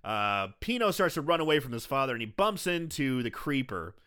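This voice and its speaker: A man's voice: medium pitch, brisk, clean tone. A man co-hosting a casual podcast, recapping a film with lots of swearing and acted-out lines. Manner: animated, swears often, acts out quoted lines in bursts. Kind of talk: casual chat.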